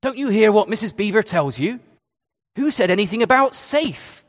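A man voicing an earnest, excitable male beaver who exclaims insistently in a put-on accent. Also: high voice, normal speed, long reverb tail, voice pushed up.

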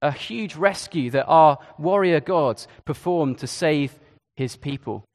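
A man's voice: a little high, animated, slow, darkish tone, big-room sound. A man preaching a sermon in a conversational way, with hesitations and asides. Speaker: Church of England preacher.

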